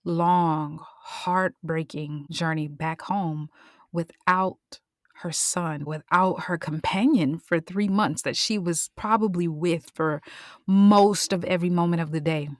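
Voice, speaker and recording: A woman host retells an old Bible story in a casual, chatty way, her voice sitting a little low. She is expressive and now and then drops into a whisper. Her close podcast mic sounds dry, with no room echo. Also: measured pace.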